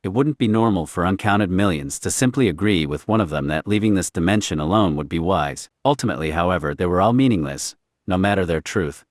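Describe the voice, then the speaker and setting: A man reading a scripted story as narrator, in a deep, level reading voice. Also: expressive, fairly quick, dry recording, studio quality.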